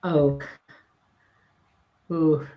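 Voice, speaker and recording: Woman co-host, Western New York accent, lowish voice, chatty storyteller, echoey room. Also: drawn-out words, highs cut off, a crowd in the background. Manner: chatty, laughing, animated storytelling. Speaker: co-host, psychic medium. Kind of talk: casual live-stream chat.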